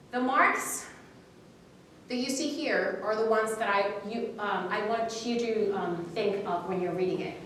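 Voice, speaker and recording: A woman teaching public speaking at a live seminar, coaching a student and modeling an expressive reading with pauses and emphasis. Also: on the high side. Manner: encouraging, expressive, demonstrates dramatic reading. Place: university hall seminar. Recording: very echoey hall from far off, faint noise.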